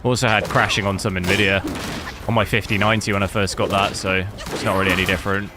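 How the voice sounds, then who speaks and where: A man's voice: deep voice, level tone, fast, heavy background noise. A young man chatting casually with his live-stream viewers while testing a game, rambling and answering chat. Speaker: gaming streamer.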